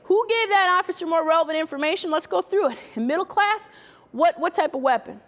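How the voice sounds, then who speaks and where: A woman leads a training session, walking through her points step by step and putting questions to the audience. Her voice sits high for a woman. The long reverb of a hall hangs behind her. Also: lively intonation, brisk. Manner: explains step by step, asks the room questions. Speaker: workshop presenter. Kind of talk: training talk.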